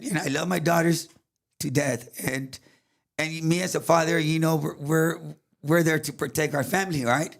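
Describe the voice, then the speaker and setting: A man's voice: fairly high pitch, creaky. A middle-aged man with a Tejano accent, telling a painful personal story in rambling English mixed with Spanish, full of fillers. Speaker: guest recounting a story.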